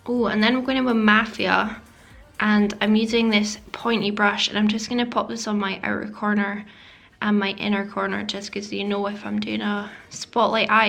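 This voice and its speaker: A woman talks through a makeup tutorial in a chatty, self-deprecating voice-over, her voice carrying some vocal fry at a middle pitch. She slips into near-whispers now and then, and light music plays faintly beneath her. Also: flat delivery, moderate pace, fairly bright tone. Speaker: beauty vlogger. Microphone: voice-over mic.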